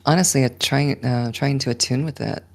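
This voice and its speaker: A woman playing a tabletop game, describing her character in a hesitant, halting way with many fillers. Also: very deep voice, vocal fry. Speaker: player. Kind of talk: casual tabletop role-play.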